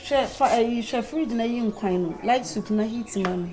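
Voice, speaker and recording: A woman's voice: a little high, moderate pace, over music, natural voice. A woman playing a mother scolding a child, with a Ghanaian accent, in a Ghanaian movie.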